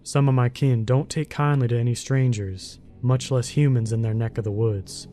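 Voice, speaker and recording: A man doing a gruff giant mountain guardian. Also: fairly even intonation, moderate pace, dark tone, soft background music, close to an everyday voice. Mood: solemn. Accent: thick rural accent. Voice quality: deep rumbling voice. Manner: blunt, serious, folksy. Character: huge rough male mountain guardian, gruff.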